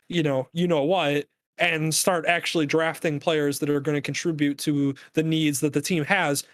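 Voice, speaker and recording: A man co-hosting a podcast, talking sports in a casual, animated, rambling rant full of fillers. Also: on the high side, no room sound. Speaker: podcast co-host.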